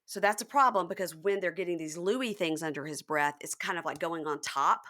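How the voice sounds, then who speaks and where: A woman's voice: lowish voice, brisk. A woman hosting a podcast, chatting casually and animatedly recapping reality TV scenes. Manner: animated recapping, acting out quotes. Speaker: podcast host. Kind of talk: casual chat.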